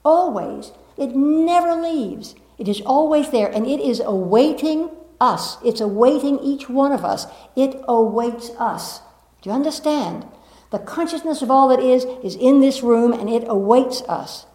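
Woman, spiritual teacher, fairly high voice, emphatic, repeats herself, echoey meeting room. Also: animated, unhurried, warm tone. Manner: emphatic, repeats phrases, playful asides. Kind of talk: spiritual talk to a live audience. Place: room with a live audience. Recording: roomy echo of a meeting room.

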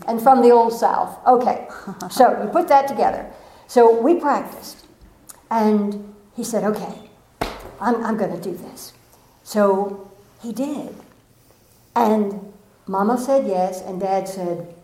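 A woman's voice: medium pitch, measured pace. A woman giving an inspirational talk to a live audience, telling stories with playful asides. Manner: storytelling, animated, playful asides. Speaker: motivational speaker. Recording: echoey room.

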